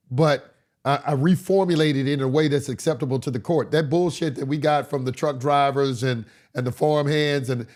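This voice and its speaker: A man giving a casual livestream lecture as a course instructor, blunt and profane, his voice hoarse from a cold. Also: fairly high pitch, darkish tone.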